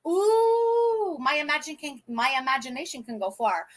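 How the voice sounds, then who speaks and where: Bright high-voiced blunt woman streamer. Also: fairly quick. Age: 30s. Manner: blunt, profane and indignant, rambling with restarts. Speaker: livestream host. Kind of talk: casual livestream commentary.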